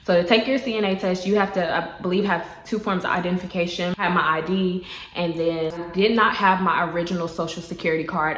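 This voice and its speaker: A woman's voice: lowish voice, a bit bright, echoey room. A young woman telling her own story in a casual vlog, chatty and full of "like" and "y'all," close to tears. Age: young adult. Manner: chatty, heavy use of "like" and "y'all". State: tearful, holding back crying. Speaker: vlogger.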